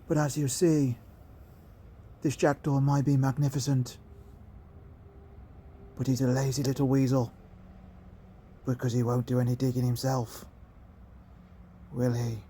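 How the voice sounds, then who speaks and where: A man putting on the voice of a wildlife documentary narrator, speaking softly, slowly and with mock grandeur over garden footage. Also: medium pitch, flat delivery, a little hiss or hum, natural voice. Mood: hushed, awed. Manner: soft, slow, reverent, mock-grand. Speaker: gardening video creator.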